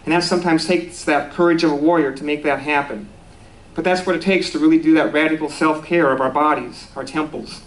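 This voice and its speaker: A man's voice: a little high, steady tone, fairly quick, low-quality recording. A man giving a conversational sermon at a spiritual center, easygoing and self-deprecating, with restarts and small laughs.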